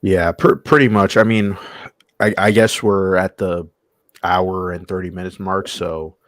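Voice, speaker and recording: A man's voice: low-pitched, fairly even intonation, measured pace, no room sound, studio quality. A man hosting a casual chat, laid-back and hesitant, wrapping up with plenty of fillers. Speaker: host.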